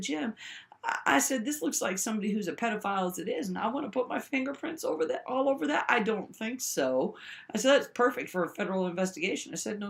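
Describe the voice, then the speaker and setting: A woman telling a rambling personal story to the camera, swinging between high exclaims and low mutters and often checking in with the listener. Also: gravelly. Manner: keeps checking in with the listener with "right?".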